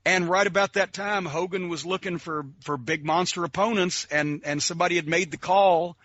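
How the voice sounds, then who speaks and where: A man with a high, bright, sharp voice tells animated stories as a podcast guest, swearing freely, laughing and acting out the people he describes. The recording sounds dry and slightly muffled. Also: normal speed, hardly any pauses, no echo. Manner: profane, excitable, laughs often, imitates voices. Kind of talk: animated storytelling.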